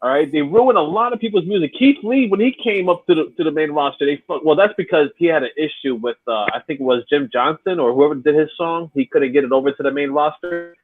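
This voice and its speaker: A man's voice: fairly high pitch, fast talker, hardly any pauses, breathy edge. A man co-hosting a casual podcast by remote call, ranting and swearing freely. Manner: profane, ranting. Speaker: podcast co-host. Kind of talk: casual chat. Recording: tinny phone-like line, dry.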